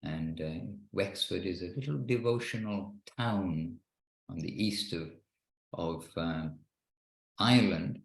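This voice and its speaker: Speaking slowly in a low, gravelly voice, the man guides an online devotional session via video call from his Wexford, Ireland home. He is earnest yet rambling, restarting often. The recording is low quality, with a roomy sound.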